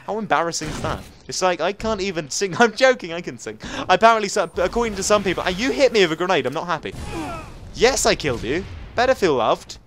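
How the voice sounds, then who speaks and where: A man in his late teens from England, rambling fast and jokily through gameplay commentary, with sudden squeaky jumps in his voice. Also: big pitch swings, fairly bright tone, a little hiss or hum. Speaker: gaming YouTuber.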